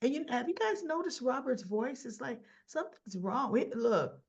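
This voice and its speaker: Woman with a rough gravelly voice retelling soap scenes, loose and chatty, lots of um and like. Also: sits high, very animated, normal speed, lo-fi sound. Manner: chatty retelling with quoted dialogue, fillers and self-corrections. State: rough-sounding voice. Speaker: soap opera recap vlogger. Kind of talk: casual episode recap.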